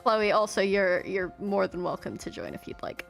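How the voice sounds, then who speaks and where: A woman's voice: mid-range voice, very animated, normal speed, vocal fry, faint music behind. A young woman hosting a live stream on a headset, chatting casually, greeting viewers and reading chat aloud. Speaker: streamer host.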